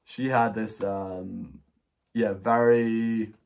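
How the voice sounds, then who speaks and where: A man's voice: fairly low pitch, steady tone, very slow, creaky, slight background noise. A man with a Scottish accent hosting a casual livestream Q&A, rambling with many restarts and some swearing. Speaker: livestream host answering questions. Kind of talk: casual chat.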